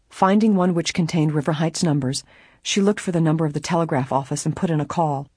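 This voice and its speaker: A narrator reading a mystery novel aloud in a steady, even storytelling manner. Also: medium pitch, slightly rough.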